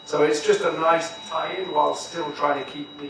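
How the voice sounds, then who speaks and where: A man on a live panel explains things to the crowd in an easy, relaxed way. His voice is a touch high and gravelly. It rings out from a distance in a very echoey space. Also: moderate pace. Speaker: dining manager on a panel. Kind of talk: panel talk to a live audience. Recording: echoey hall, distant mic, faint noise.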